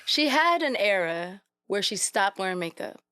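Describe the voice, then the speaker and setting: A woman's voice: mid-range voice, big pitch swings, normal speed, sharp tone, clear, resonant tone. A woman co-hosting a music podcast in casual chat, laughing often and saying "like" a lot. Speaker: podcast co-host.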